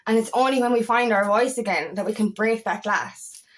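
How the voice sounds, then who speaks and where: Woman, empowerment coach, confessional vlog; quirky, heartfelt rambler who swears a lot, a little high-voiced. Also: normal speed. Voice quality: eccentric, quirky talker. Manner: rambling, heartfelt, swears often, voice catching with emotion. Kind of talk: emotional personal vlog monologue. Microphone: camera.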